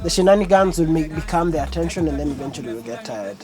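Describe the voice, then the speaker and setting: Man talking over clear music. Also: on the high side, lively intonation. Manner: confident, opinionated, quick to tease. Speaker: music industry guest and co-host. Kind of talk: casual music chat.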